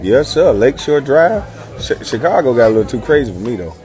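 Man in his thirties, casual and slangy, loose repetitive delivery, mid pitch, faint music under. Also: very animated, a little fast, a little mellow. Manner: playful, repeats "yes, yes", laughs often, heavy slang. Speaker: former pro athlete guest. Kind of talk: casual chat.

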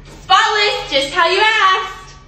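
A woman's voice: very high-pitched, slow pace, bright, forceful tone, reverberant. A young woman in a casual comedy sketch, sassy and giggly. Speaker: comedy creator.

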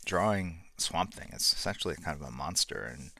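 A middle-aged man hosting a live art stream, chatting in a relaxed, rambling way and greeting viewers. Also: very deep voice, moderate pace, creaky, no room sound, studio quality. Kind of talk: casual live-stream chat. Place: home studio room.

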